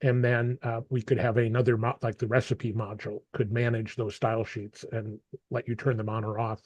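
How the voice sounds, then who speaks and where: A man's voice: mid-range voice, little pitch movement, a little mellow, dry recording, lo-fi sound. Guy leading a video call meeting, dry close sound, keeps restarting words. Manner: halting, repeats words while thinking. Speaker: meeting facilitator. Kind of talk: casual online meeting talk.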